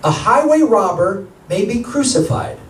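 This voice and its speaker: High-voiced man hosting a comedy game show. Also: lively intonation, unhurried. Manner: brash announcer voice with joking asides. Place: theater stage before a live audience. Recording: echoey theater, mic from far off.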